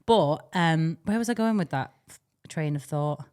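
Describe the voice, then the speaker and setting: A woman's voice: deep voice, animated, normal speed, a little mellow, clean tone. A young woman, co-hosting a podcast in casual, rambling chat and laughing often. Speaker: podcast co-host.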